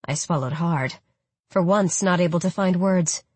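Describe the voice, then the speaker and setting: A woman narrating a first-person story as an audiobook, with steady storytelling. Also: fairly low pitch, normal speed, breathy edge, no echo. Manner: steady storytelling with quoted replies.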